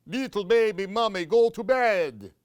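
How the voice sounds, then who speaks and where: A man's voice: sits high, animated, unhurried, no room sound, studio quality, voice pushed up. Man doing a flappy vampire bat. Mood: warning. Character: floppy-winged male vampire bat creature.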